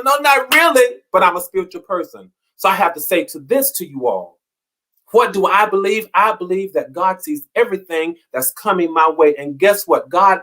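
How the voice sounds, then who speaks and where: A motivational show host with a rather high, slightly bright male voice leads an inspirational talk. He preaches like a minister, repeating phrases while his emphasis swells and falls away.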